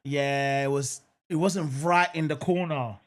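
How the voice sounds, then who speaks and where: This young male streamer from England has a slightly higher, unhurried voice as he rambles through live football commentary and reads out viewer comments. His casual chat is full of "um," "I'm not gonna lie," and repeated phrases, broken by sudden excited outbursts at near-misses.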